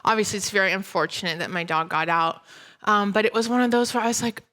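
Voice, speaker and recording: A woman in her thirties preaching a sermon and telling a personal story in an animated way. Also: mid-range voice, fast talker. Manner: animated storytelling, breaks into laughter.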